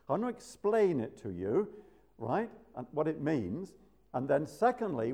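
A man preaching a sermon in a church, slowing down to stress quoted lines with an emphatic, lively delivery. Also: a little high. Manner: lively, drawn-out emphatic quoting, chuckles to the congregation.

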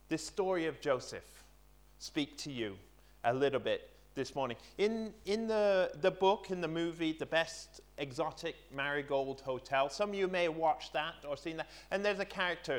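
A middle-aged man gives a sermon in a fairly high voice. He talks conversationally, stops on fillers and restarts, and then reads a passage of scripture aloud. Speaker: preacher.

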